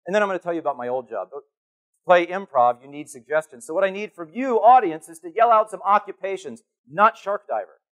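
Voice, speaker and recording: A man giving a conference keynote on stage, animated and playful as he calls volunteers up from the audience. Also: high voice, fast talker. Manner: animated, calling to the crowd, playful. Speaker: keynote speaker.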